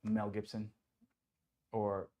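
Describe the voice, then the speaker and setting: A man who voices a superhero, chatting as an interview guest in an office, telling lively stories, acting out what people said and laughing often. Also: on the low side, slow pace. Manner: animated storyteller who acts out quotes and laughs often. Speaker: voice actor guest. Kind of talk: casual interview chat. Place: indoors at a toy company office.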